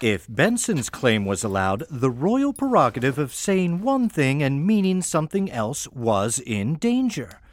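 A man's voice: mid-range voice, wildly swooping pitch, unhurried, hardly any pauses, no echo. A man narrating a fairy tale in a wry, playful storytelling manner over faint music.

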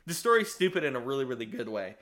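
Young male podcast co-host, bright tone, rambling and animated. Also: mid-range voice, fast. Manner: rambling, animated retelling with laughs and restarts. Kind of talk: casual chat.

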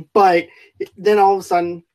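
A speaker recaps a film's plot in relaxed conversation. The talk rambles, with frequent fillers and restarted sentences. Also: mid-range voice, measured pace. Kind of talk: casual movie review chat.

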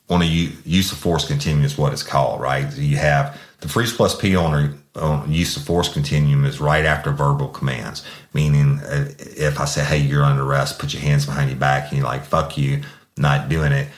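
A man's voice: very deep voice, echoey room. A man hosting a true-crime podcast, telling a story from his police career in a blunt, profane way. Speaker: podcast host, former officer.

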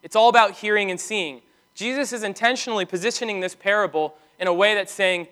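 High-voiced man preaching earnestly. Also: pushed and bright, clean tone. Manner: earnest, emphatic preaching with slowed, stressed commands. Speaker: pastor. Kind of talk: sermon.

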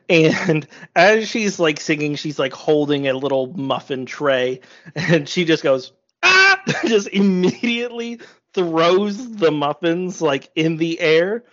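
A game master running a tabletop game, relaxed, often laughing and full of filler words. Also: medium pitch. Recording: slightly dull lo-fi audio.

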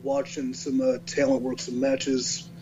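A man in his thirties, a podcast guest, telling a story in a relaxed, self-mocking way and laughing often. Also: mid-range voice, unhurried. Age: 30s. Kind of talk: casual podcast chat. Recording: slightly dull sound with faint hum.

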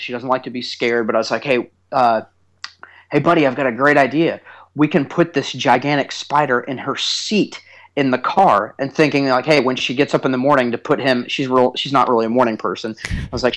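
A man in his thirties, a podcast co-host telling a funny story in casual chat, teasing his co-host. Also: medium pitch.

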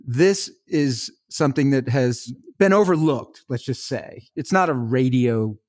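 A man's voice: mid-range voice, expressive, measured pace, darkish tone, no room sound, clean studio sound. A man hosting a podcast interview and talking to his guest in an eager, chatty and playful way. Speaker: podcast host. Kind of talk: casual interview chat.

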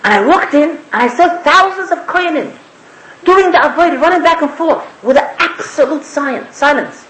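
A woman's voice: sits high, expressive, moderate pace, a bit bright. A woman giving a spoken sermon, emphatic and repetitive, asking the listeners rhetorical questions. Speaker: speaker giving a religious talk. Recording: echoey room.

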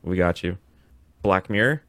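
A young man co-hosts a casual podcast, laid-back and quick to joke. His voice is very low, recorded dry and close with nothing around it. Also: a bit bright, no room sound. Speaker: podcast co-host. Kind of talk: casual chat.

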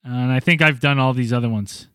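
Bright-voiced casual podcast host. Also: male voice, medium pitch, fast, clean tone, no echo, studio quality. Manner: laid-back, reads listener reviews and plugs.

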